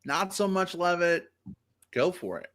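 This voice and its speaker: A man hosting a live podcast over a video call, upbeat and animated. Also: high-pitched, measured pace. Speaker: podcast host.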